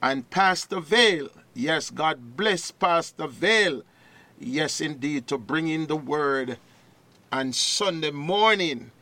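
A man's voice: fairly high pitch, expressive, slow, bright, forceful tone. A man preaching a sermon, reading scripture in a rising, declaiming voice and greeting partner ministries.

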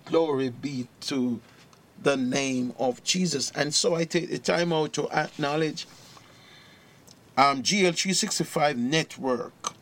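Slow, deliberate male preacher. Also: fairly high pitch, fairly bright tone. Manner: slow, deliberate preaching, rising in emphasis on key verses. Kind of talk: sermon with scripture reading.

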